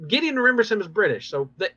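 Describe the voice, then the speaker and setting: A man hosting a podcast, recapping TV episodes in an animated, rambling way with many fillers. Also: high-pitched, quick pace, dry recording, lo-fi sound. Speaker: podcast host. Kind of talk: casual chat recapping TV episodes.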